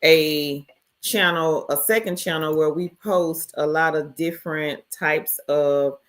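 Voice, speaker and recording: A woman's voice: sits low, steady tone, slow. A woman hosting a casual live stream, greeting viewers by name and reading their chat messages aloud. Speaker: livestream host.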